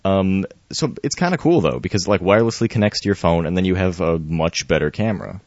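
A man's voice: low voice, animated, fairly quick, darkish tone, dry recording. A man in casual podcast chat, laid-back, explaining gadgets with jokes and mild swearing. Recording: dry, dull lo-fi sound.

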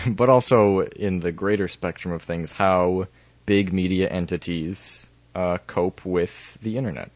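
A man co-hosting a podcast in casual chat, quick and playful, laughing often. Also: deep voice, no room sound, muffled recording. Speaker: podcast co-host.

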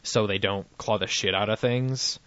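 A man's voice: on the low side, moderate pace, fairly bright tone, no echo. A man chatting casually on a podcast, laughing often and rambling with restarts and fillers. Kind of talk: casual chat. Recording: dry, dull lo-fi sound.

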